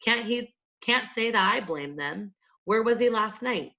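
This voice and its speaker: A woman reading a storybook voices a calm male small-town detective who speaks in a measured, dry way. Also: a little high, voice pushed up, heavily acted. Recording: dull lo-fi audiobook recording.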